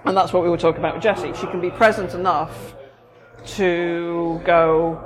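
A woman's voice: on the low side, steady tone, moderate pace. Chatty woman therapist in a busy café. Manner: chatty, explains with everyday examples. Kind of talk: casual explanatory chat. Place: busy coffee shop. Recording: noisy coffee shop recording. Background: café crowd chatter.

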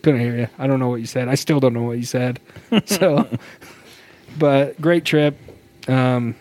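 An upbeat, talkative man chatting casually on a podcast, with a voice of average pitch for a man. He laughs easily and fills his speech with little pauses and fillers. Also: steady tone, a little mellow. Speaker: podcast co-host.

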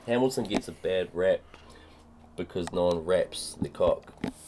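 A young man, co-hosting a casual podcast chat and telling animated stories full of laughter and put-on voices. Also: low voice, unhurried, noisy background. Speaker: podcast co-host. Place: home studio in a shed.

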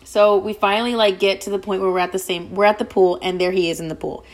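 A young adult woman hosting a podcast, telling a story in casual chat: fast, profane and gossipy, with "like" all through. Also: mid-range voice, fairly even intonation. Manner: rapid, profane, gossipy, heavy use of "like". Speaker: podcast host.

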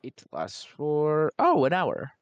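A man playing a tabletop game, halting and thinking aloud while choosing what to do. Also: a little high, wildly swooping pitch, no room sound. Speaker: player. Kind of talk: casual tabletop gaming chat. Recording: dull lo-fi mic.

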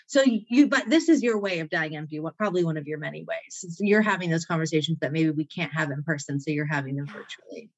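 A woman's voice: low-pitched, expressive, fast talker, few pauses, breathy edge. A woman guest on a podcast, talking in an effusive, motivational way and laughing often. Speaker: author writing a self-care book. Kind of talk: enthusiastic conversation.

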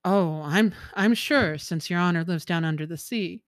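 A woman doing an excitable young fisherman. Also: moderate pace, no room sound, clean studio sound, natural voice. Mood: eager. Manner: excitable, exclaiming, breaks upward in pitch.

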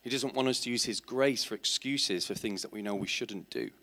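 A man's voice: on the low side, brisk, pushed and bright. A man preaching a sermon in church, asking his congregation rhetorical questions and building to emphatic, passionate points. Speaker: teacher.

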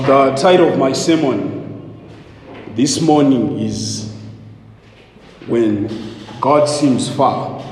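Slow, solemn male preacher. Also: mid-range voice, a little mellow, slight background noise. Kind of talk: sermon. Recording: echoey hall with long reverb.

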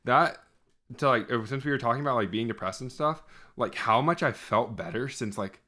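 Bright-voiced teasing young man. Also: mid-range voice, a little fast. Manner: teasing, rambling, laughs easily. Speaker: podcast co-host. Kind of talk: casual chat.

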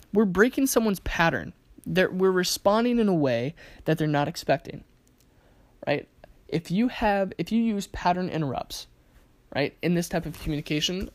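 Casual lesson teacher, lively anecdotes and rhetorical questions, mid pitch, dry close sound. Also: dry recording. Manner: lively storytelling with acted-out quotes and frequent rhetorical questions. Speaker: communication teacher.

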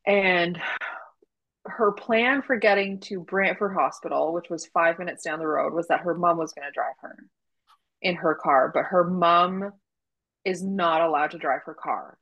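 A woman's voice: fairly low pitch, a little slow, muffled recording. A woman, a doula, telling a story in casual podcast chat, acting out quoted dialogue. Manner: animated retelling with quoted dialogue and laughs.

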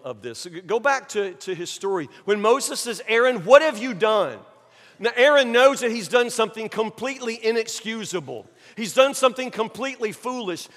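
A man preaching a sermon, dramatic, acting out people's excuses in mocking voices and dropping from loud to hushed. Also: high voice. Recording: long hall reverb.

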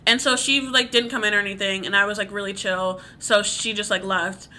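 A young woman in her twenties in casual chat, recalling college stories with quick reactions. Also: medium pitch. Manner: relaxed, chatty, quick reactions and laughter.

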